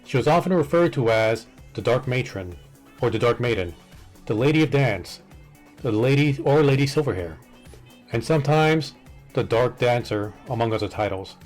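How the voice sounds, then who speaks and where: A man's voice: medium pitch, animated, moderate pace, a little mellow, soft background music. A man on a live stream reading a fantasy wiki entry aloud, tripping over the names and muttering exasperated asides.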